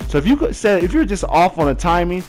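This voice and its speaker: Animated young man telling a story. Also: high-pitched, quick pace, faint music behind. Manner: animated, laughing, acts out voices and chants. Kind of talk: casual storytime vlog.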